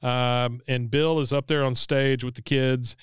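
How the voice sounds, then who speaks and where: A man's voice: medium pitch, steady tone, measured pace, clean tone, no echo, studio quality. A man co-hosting a podcast, retelling scenes in casual chat. He acts out the quoted lines and laughs often. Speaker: podcast co-host recapping an episode.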